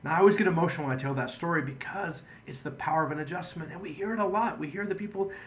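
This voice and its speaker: A man's voice: fairly high pitch, racing, highs cut off. A man speaking as a chiropractor in a patient education video, in an earnest, conversational storytelling manner.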